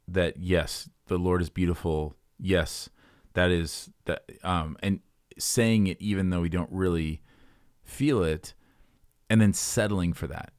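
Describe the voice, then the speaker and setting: A man with a very low voice speaks earnestly about faith on a podcast and searches for his words with many fillers. The recording is dry and close, with no room sound. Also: a little mellow, dry recording. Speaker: podcast co-host. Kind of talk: casual Bible discussion.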